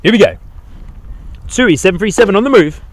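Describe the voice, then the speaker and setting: A man's voice: high voice, expressive, fairly quick, noisy background. A man hosting a live plane-spotting stream outdoors at an airport, chatting in a rambling, easygoing way. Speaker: livestream host.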